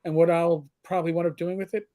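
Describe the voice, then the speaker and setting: A man in his fifties hosting a casual livestream chat, telling stories in an animated, rambling way with many restarts. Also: a little high, fast talker. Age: 50s. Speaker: host.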